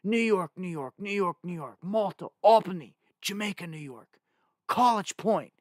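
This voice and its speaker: A man hosting a live stream speaks urgently and with heavy emphasis, addressing his viewers directly. His voice sits a little high for a man. The sound is dry and close, with no room echo. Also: expressive, normal speed. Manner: reads place lists off the screen. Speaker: live news show host.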